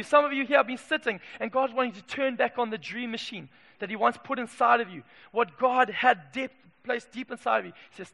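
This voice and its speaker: A man from Zimbabwe preaching a passionate sermon in a church, moving from hushed asides to loud calls. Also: very high voice, fairly quick, vocal fry. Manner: passionate, swings from hushed to shouting. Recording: echoey hall reverb.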